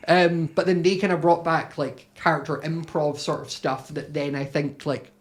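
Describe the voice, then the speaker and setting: A man's voice: a little high, little pitch movement, normal speed. A young man from Scotland with a Scottish accent, chatting casually as a podcast guest and rambling with lots of filler words.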